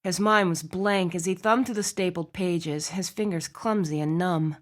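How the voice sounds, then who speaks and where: A woman reading a romance novel aloud as audiobook narrator, with expressive storytelling. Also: fairly low pitch, normal speed. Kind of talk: scripted narration.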